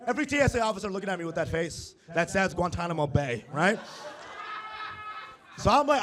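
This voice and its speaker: Young male comic on stage, high voice that swings all over, crude crowd-work patter. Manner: animated, profane, quick asides to the audience. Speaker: stand-up comedian. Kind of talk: stand-up comedy set with crowd work. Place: comedy stage before a live audience.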